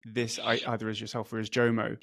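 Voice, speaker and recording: A man's voice: fairly low pitch, completely flat delivery, fairly quick, creaky, a bit bright. Curious male podcast host asking questions. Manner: curious, asks long winding questions, laughs along. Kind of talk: casual interview chat.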